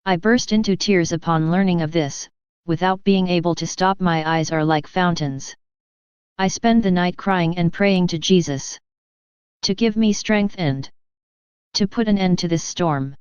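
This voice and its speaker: A woman's voice: fairly low pitch, a little slow, darkish tone, smooth, no echo. A woman reading a mystic's diary aloud in the first person, earnest and pleading. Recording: slightly dull, dry close recording.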